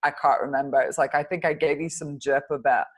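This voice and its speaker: A low-pitched woman chats as a podcast guest. She tells her stories animatedly and giggles often. She sounds middle-aged. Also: brisk. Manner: animated storyteller, giggly, chatty. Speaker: podcast guest, fitness coach. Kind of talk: casual interview chat.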